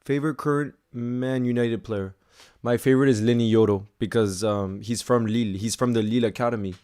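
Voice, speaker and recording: A young man at a mid pitch, talking loosely through a live match stream while he answers viewer messages. He stays casual and chatty, then breaks into excited shouts when something big happens. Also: a little fast. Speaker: football streamer reacting live. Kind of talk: casual live watch-along chat, reading viewer messages.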